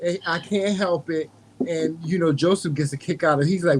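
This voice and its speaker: A man's voice: fairly high pitch, steady tone, a little fast, a little mellow. A man with a Southern American drawl, hosting a casual conversation, earnest and often restarting his sentences. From North Carolina. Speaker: host.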